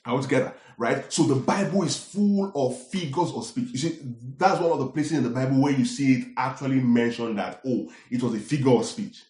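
A man preaching a sermon, often asking his congregation questions in an animated way. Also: medium pitch, a little fast, hardly any pauses. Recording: echoey hall.

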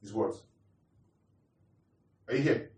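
A man's voice: on the low side, slow pace, a little mellow. A man preaching a teaching sermon, repeating his points and asking the congregation questions. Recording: roomy echo, distant mic.

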